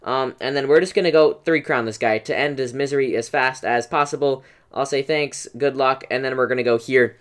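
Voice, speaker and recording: An excitable young man talks through his gameplay as it happens. His delivery is chatty, with frequent "um"s and direct asides to his viewers. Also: mid-range voice, brisk, few pauses. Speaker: gaming YouTuber. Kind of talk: live gameplay commentary.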